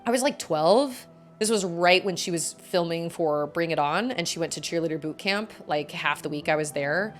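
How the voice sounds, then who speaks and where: A woman's voice: on the low side, moderate pace, faint music behind. A woman in her thirties, a streamer chatting casually and telling stories, acting out quotes with many "like"s. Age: 30s. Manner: animated, acts out quotes, lots of "like". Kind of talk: casual storytelling while gaming.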